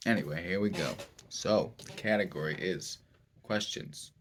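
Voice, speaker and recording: A man giving a mock-serious self-help lecture in a rambling, deadpan way, full of fillers and pauses. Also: deep voice, slight background noise. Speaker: comedic self-help presenter.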